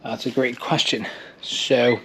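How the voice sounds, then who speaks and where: A man's voice: medium pitch, flat delivery, slow pace, creaky, background noise. A man, an actor, vlogging in a casual way, thinking aloud and trailing off between thoughts. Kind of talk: casual vlog self-talk. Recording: loud background music.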